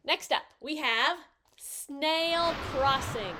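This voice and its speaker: A woman hosting a casual picture book review, cheerful and gently enthusiastic as she hands out scores. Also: sits high, lively intonation, measured pace, over music.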